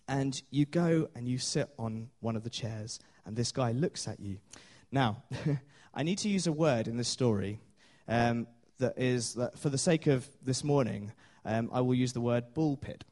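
A man's voice: medium pitch, a little slow, few pauses, darkish tone. A man preaching a sermon in a chatty storytelling way, with many fillers and small laughs.

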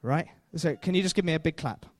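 A man's voice: a little high, fast talker, no echo. Male preacher, chatty sermon, joking asides, dry close sound.

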